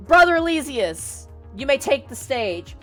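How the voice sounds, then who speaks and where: A woman's voice: high voice, sing-song, measured pace, soft background music. A woman voicing a laid-back male commander who talks in a casual, chummy way.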